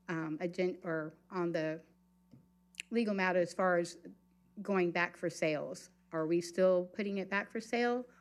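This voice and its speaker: A woman giving a public comment at a county meeting, pausing often with ums and uhs. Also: on the low side. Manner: hesitant, many ums and uhs.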